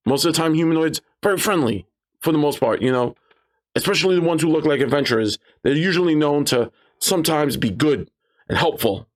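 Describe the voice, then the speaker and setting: A man talking casually about running tabletop games, telling stories animatedly and jumping into high voices to quote his players. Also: lively intonation, brisk. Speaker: game master giving advice. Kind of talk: casual advice talk with anecdotes.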